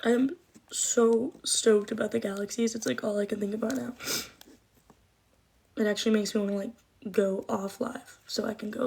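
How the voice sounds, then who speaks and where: A woman's voice: on the high side, fairly even intonation, moderate pace, creaky, pauses often, warm tone, breathy edge. A young woman chatting casually on a livestream, rambling, emotional and swearing often. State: cold, shivering.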